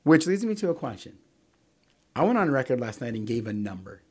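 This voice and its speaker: A man co-hosting a casual sports podcast, telling stories with lots of fillers and quick "right?" checks. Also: medium pitch, breathy edge. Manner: animated storyteller, many fillers and "right?"; acts out quotes in other voices. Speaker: podcast co-host.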